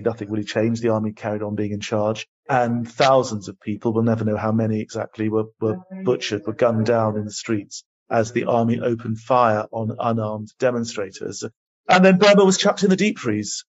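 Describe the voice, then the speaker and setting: An older man answering interview questions as a guest, telling his story in a passionate, emphatic and measured way. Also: mid-range voice. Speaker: guest, human rights advocate. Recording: dull lo-fi audio.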